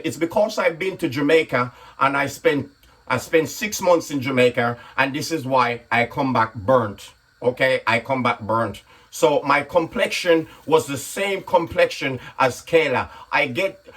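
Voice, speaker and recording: A man with a slightly husky voice chats his way through a home cooking video, explaining each step. He keeps checking in with a quick "okay?" and stays relaxed and talkative in his own kitchen. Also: medium pitch. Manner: chatty, repeats "okay?" often. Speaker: comedian and cooking vlogger. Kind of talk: casual cooking vlog chat.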